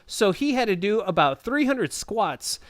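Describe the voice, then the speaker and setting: A man's voice: sits high, sing-song, unhurried, background noise. A man co-hosting a casual podcast, reading odd news stories aloud with frequent laughs and stumbles. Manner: laughs often, stumbles and repeats words.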